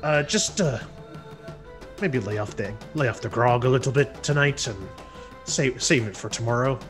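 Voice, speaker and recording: A man playing a ship captain in a tabletop game, talking in a halting, stammering, playful pirate manner. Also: mid-range voice, over music. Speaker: player. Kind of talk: in-character tabletop role-play as a ship captain.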